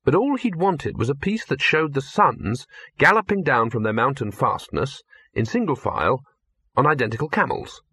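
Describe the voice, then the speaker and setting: Husky guy reading an audiobook, dry close sound, measured storytelling. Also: medium pitch, lively intonation, bright, forceful tone, dry recording. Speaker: audiobook narrator. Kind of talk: audiobook narration from tape sides.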